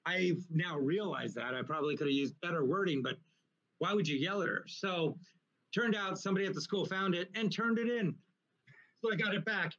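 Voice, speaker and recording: Guy comedian telling wild stories, swears a lot, sharp bright voice, kinda muffled audio. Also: sits high, fairly quick. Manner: rambling, profane, animated anecdotes. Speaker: guest comedian. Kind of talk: casual storytelling in a live interview. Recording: muffled, lo-fi recording.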